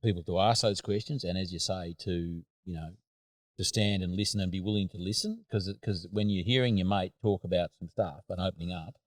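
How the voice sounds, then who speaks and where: Aussie host guy, very deep voice, rambling with lots of ums, dry sound. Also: a little fast, no room sound. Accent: Australian. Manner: rambling, hesitant, full of fillers. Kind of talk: casual chat.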